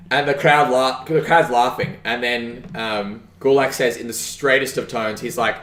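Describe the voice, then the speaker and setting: A man co-hosting a podcast, recapping shows in a loose, rambling way with lots of ums and likes. His pitch sits in an ordinary middle range. The room around him rings with noticeable echo. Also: fairly even intonation, normal speed, few pauses, a bit bright. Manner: rambling, filler-heavy, enthusiastic. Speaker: podcast co-host. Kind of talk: casual chat, recapping wrestling shows.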